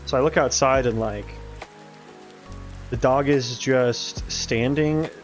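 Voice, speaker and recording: A man's voice: mid-range voice, slow, soft background music. A young man chatting casually while he works on his game, rambling, swearing and laughing now and then. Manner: rambling, laid-back, swears and laughs often. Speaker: game developer streaming his work. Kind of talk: casual chat while coding.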